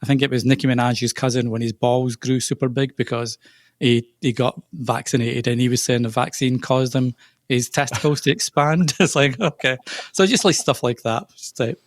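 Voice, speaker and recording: A man from Scotland with a softened Scottish accent, a guest chatting casually on a video call and laughing easily. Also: mid-range voice, steady tone, normal speed, no room sound, clean studio sound. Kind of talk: casual chat. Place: live video call podcast.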